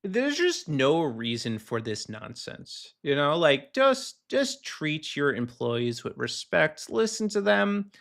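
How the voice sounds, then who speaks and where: A man hosting a casual solo show, ranting and telling work stories in an animated way, acting out the people he quotes. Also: fairly high pitch, slow, vocal fry, hardly any pauses. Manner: animated storytelling, acts out quoted callers. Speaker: podcast host. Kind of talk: casual solo rant, reading posts aloud.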